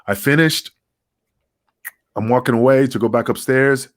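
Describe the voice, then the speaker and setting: A man's voice: mid-range voice, normal speed, no room sound, studio quality. A middle-aged man, a podcast guest, telling a story casually with heavy swearing, acting out the dialogue as he goes. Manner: profane, animated, acts out dialogue.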